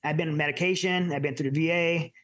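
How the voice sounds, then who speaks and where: A middle-aged man from the United States telling his personal story as an interview guest, earnest and halting with many restarts. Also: fairly high pitch, steady tone, fairly bright tone. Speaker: podcast guest.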